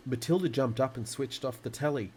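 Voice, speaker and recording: A man calmly reading a children's book aloud in a relaxing storytime. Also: mid-range voice, fairly quick, slight background noise, poor audio. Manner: calm, relaxing delivery.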